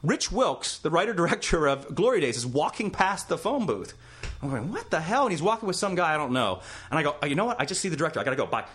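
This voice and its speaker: A man's voice: on the high side, quick pace, slightly rough. A man, an actor, telling a story from his career in a casual interview and acting out the other people in it. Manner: animated, acts out other people's lines.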